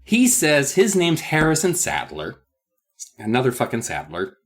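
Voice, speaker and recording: Animated, sarcastic man recapping. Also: mid-range voice, measured pace. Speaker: podcast co-host. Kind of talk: comic book recap.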